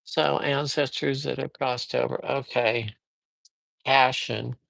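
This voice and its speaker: This man hosts a livestreamed card reading as a psychic, cheerful and talkative, wandering off topic with frequent fillers and welcoming viewers by name. His mid-range voice is slow, creaky, fairly bright, and fairly even in intonation, with no echo on the livestream microphone.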